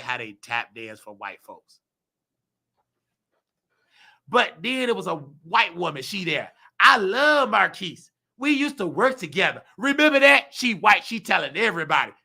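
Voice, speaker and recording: A hoarse man hosting his own show, ranting heatedly and preaching to the listener, acting out the people he quotes. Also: high-pitched, pushed and bright. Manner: preachy, heated, acts out quoted voices, calls listener baby. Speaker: show host. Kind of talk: animated personal rant.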